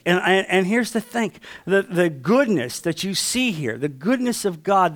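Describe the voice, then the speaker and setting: A high-voiced male pastor delivers a fervent sermon, questioning his congregation and moving between loud declarations and quiet moments.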